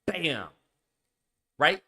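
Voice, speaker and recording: A man's voice: fairly high pitch, very animated, extremely slow, bright, forceful tone. A man hosting a live stream, ranting emphatically about a video game, repeating points and swearing often. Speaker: streamer and show host. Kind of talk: casual live-stream rant.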